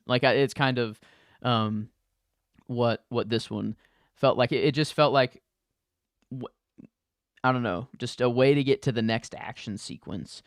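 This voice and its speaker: Man, mid pitch, rambling podcast co-host, filler-heavy, dry room. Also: fairly even intonation, measured pace, pauses often, no echo. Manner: rambling, many likes, acts out quoted lines. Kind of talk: casual movie review chat.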